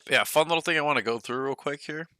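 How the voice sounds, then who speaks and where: A man's voice: a little high, fast, pushed and bright, no room sound. A young man hosting a casual stock livestream, rambling loosely with lots of "like" and "you know", a bit short of breath.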